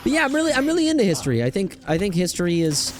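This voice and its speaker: A young man giving casual gameplay commentary as a streamer, rambling and excitable with lots of fillers. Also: sits high, rapid-fire, faint music behind. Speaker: gaming streamer.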